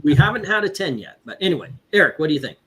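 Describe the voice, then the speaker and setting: A man hosting a casual livestream chat, relaxed and joking as he runs the scoring. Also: fairly high pitch, racing, a little hiss or hum. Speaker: livestream host.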